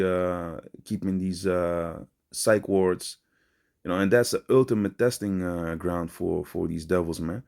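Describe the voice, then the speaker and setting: Man preaching informally, very low voice, street slang, rambling with fillers. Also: a little mellow. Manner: rambling with many fillers and restarts. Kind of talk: informal religious teaching.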